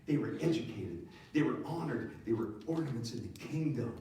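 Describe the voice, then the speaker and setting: A male pastor preaching a sermon with animated, playful storytelling. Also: medium pitch, a little fast, slight background noise. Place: church auditorium. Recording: echoey church hall, distant mic.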